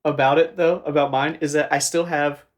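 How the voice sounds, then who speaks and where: A man's voice: on the high side, fairly even intonation, normal speed. A young man from the American South, co-hosting a game playthrough in rambling casual chat and laughing often. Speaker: co-host. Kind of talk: casual let's-play chat.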